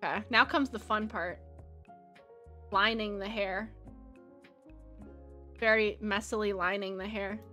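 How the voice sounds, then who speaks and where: Drawing on stream, a Valley Girl-accented woman chats casually, rambling and giggling with plenty of "like." Her medium-pitched voice is fairly even in intonation, a little slow, with frequent pauses, and soft music plays behind her.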